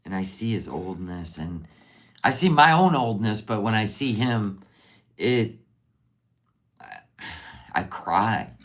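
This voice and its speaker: A woman's voice: very deep voice, animated, a little slow, long pauses. A middle-aged woman hosting a casual livestream. She talks tenderly and openly emotionally, rambling and trailing off mid-sentence. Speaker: livestream host.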